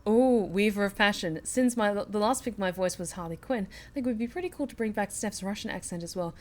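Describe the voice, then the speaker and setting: A woman's voice: mid-range voice, brisk, darkish tone. A woman streaming a video game, chatting casually with her viewers. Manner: chatty, thanks chat, self-reassuring. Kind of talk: casual let's-play chat.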